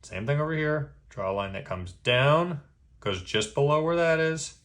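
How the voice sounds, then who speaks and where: A man giving a step-by-step drawing lesson, patient and easygoing, checking in with a quick "okay?" after each step. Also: fairly high pitch, lively intonation, a bit bright. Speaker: drawing instructor.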